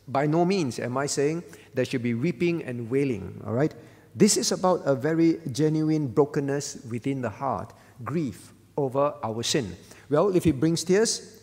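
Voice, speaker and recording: In a church hall, a male pastor delivers a conversational sermon at a prayer meeting, repeatedly asking the congregation "all right?". His fairly high, darkish voice is animated yet unhurried, with a big-room sound.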